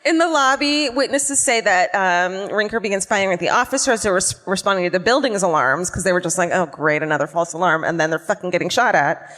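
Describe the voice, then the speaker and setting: A woman hosting a live comedy podcast, telling a true crime story in a profane, animated way on a concert hall stage. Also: mid-range voice, fast. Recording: long concert hall reverb.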